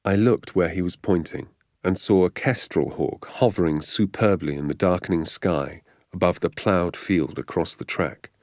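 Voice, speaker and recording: A man narrating an audiobook in a steady, descriptive storytelling manner. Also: low-pitched, moderate pace, dry recording, clean studio sound.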